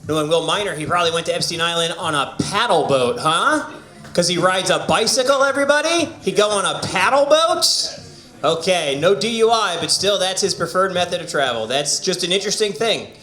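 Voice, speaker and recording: A man's voice: high voice, big pitch swings, moderate pace, sharp tone, soft background music. A man hosting a stand-up open mic, teasing the comics and the crowd in a rambling way. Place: small comedy venue indoors. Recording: roomy bar room sound.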